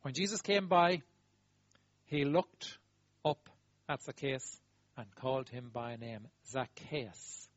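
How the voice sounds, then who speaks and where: A man preaching a sermon, talking emphatically and swinging between loud exclaiming and quiet asides. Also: medium pitch, lively intonation, slow, long pauses, dry recording. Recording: dull lo-fi dry recording.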